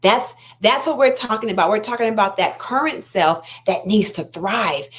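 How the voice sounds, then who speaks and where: Earnest woman life coach giving a pep talk. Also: on the high side. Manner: earnest, encouraging, repeats phrases for emphasis. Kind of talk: motivational self-help talk.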